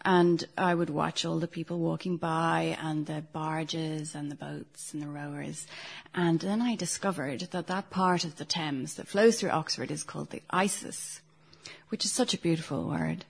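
A middle-aged woman with a low, gravelly voice, reading her own poems aloud. Her tone is husky and a little breathy. Between pieces she makes hesitant, self-deprecating remarks, and she reads the verse itself slowly and carefully. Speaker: poet. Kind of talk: poetry reading with chatty asides.

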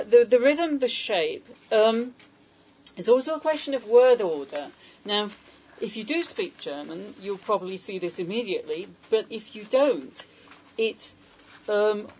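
A woman's voice: fairly high pitch, a little mellow, breathy edge, rough recording. A woman translator giving an informal talk on poetry to a small audience, hesitant and full of questions to the room. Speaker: poetry translator leading a salon.

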